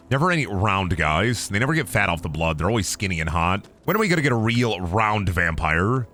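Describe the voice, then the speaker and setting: A man streaming a game, talking in goofy, excitable, profanity-heavy commentary. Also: lowish voice. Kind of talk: casual gameplay commentary.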